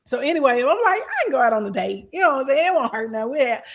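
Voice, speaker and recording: A young woman tells a story to her live chat. Her voice sits a little high and swings around a lot. She is sassy and animated. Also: very fast. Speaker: streamer.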